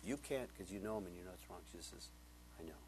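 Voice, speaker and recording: A middle-aged male pastor giving a conversational sermon, telling stories and swinging from hushed asides to loud emphatic points. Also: low-pitched, lively intonation, quick pace, a little hiss or hum.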